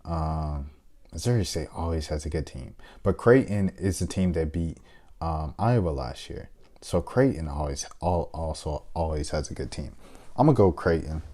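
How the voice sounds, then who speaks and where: A sports video host, a young man with a low, mellow voice, fills out a basketball bracket while chatting casually. He thinks out loud with lots of hesitant fillers and playful shout-outs, keeping his delivery relaxed and conversational.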